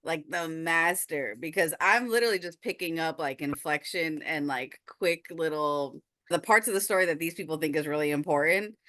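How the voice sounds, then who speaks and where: A woman's voice: sits low, normal speed, few pauses, dry recording, clean studio sound. A woman hosting a casual group video call, chatty and laughing as she tells stories. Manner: chatty, laughing, expressive storyteller. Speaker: host of group session.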